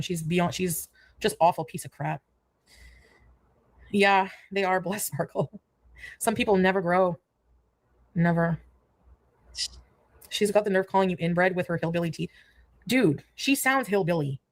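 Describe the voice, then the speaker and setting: A woman's voice: lowish voice, moderate pace, pauses often. A woman streamer in a replayed clip, chatting casually with her viewers in a mocking, scornful way. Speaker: streamer in a clip being reacted to. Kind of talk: casual livestream chat.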